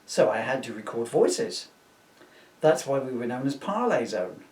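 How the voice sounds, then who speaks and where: A man's voice: medium pitch, sing-song, a little slow, darkish tone, distant mic. A man putting on a posh pompous record producer. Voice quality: posh, plummy delivery. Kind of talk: comic reading of a parody book. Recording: roomy sound from away from the mic.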